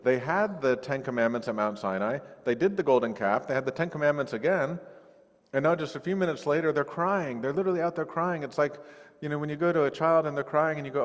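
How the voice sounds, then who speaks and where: A male pastor giving a sermon in a conversational, lively way, recorded over a video call. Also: mid-range voice, fast, big-room sound. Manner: conversational, animated when acting out quoted voices. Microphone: recorded via video call.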